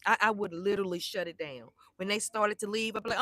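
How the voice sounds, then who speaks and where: A middle-aged woman vlogger telling a story to her live chat in a blunt, animated way, swearing freely and acting out the people she quotes. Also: mid-range voice, a little fast, hardly any pauses, dry recording.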